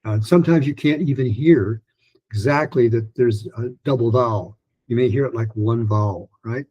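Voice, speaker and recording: Guy teaching pronunciation, kinda husky dark voice, rambles and restarts a lot. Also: medium pitch, lo-fi sound. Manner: rambling, many restarts and fillers, models phrases slowly. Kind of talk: recorded lesson talk.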